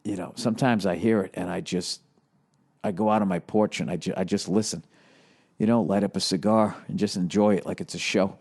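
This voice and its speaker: A man's voice: low voice, steady tone, a little fast, a little mellow, breathy edge. A man in his forties with a Boston accent, hosting a podcast in a rambling comedic monologue, grumpy, profane and worn out. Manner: grumpy, profane, ranting with sarcastic asides. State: mentally exhausted. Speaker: podcast host.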